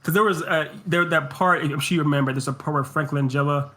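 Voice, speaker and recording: A man's voice: fairly high pitch, fast, bright, forceful tone. A man co-hosting a casual movie review podcast, joking and laughing as he mocks scenes. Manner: joking, laughing, acts out mock quotes. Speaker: podcast co-host.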